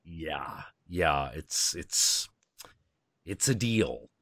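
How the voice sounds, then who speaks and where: A man's voice: rumbling low, extremely slow, gravelly. A man hosting a live stream, chatting casually and candidly, swearing freely as he tells stories. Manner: candid, swearing, animated storyteller. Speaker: stream host.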